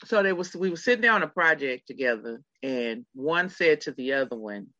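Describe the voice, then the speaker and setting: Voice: medium pitch, animated, normal speed, sharp tone, dry recording. A middle-aged podcast host telling a story in casual chat, talking straight to the listeners. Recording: slightly dull lo-fi sound.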